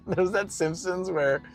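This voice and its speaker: Rambling Scottish man chatting on stream. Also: high-pitched. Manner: rambling, filler-heavy, laughs easily. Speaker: live-streamer. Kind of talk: casual live-stream chat while driving.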